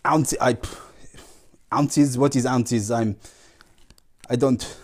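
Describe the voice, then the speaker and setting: A man's voice: medium pitch, steady tone, a little mellow, pitched below the performer's own voice. Man doing a pompous foreign archery champion. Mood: grandly formal. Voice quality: congested nasal voice. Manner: halting, searching for words, mock foreign phrasing.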